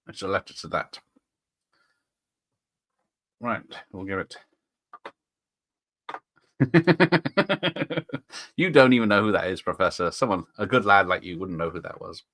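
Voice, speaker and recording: A man's voice: low-pitched, animated, a little slow, long pauses, a bit bright, no echo, studio quality. A man hosting a casual live stream, rambling and chuckling as he reads out viewers' chat comments.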